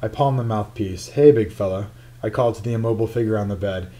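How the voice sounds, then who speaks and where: A man's voice: fairly low pitch, steady tone, very fast, mellow. A man narrating a first-person memoir in a wry, confiding storytelling manner. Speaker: audiobook narrator.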